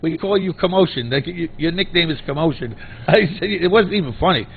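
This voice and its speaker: Laughing man with a high gravelly voice. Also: lively intonation, fairly quick. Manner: laughs often while telling stories. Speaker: radio show regular. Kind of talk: casual talk radio banter. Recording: phone-like radio broadcast.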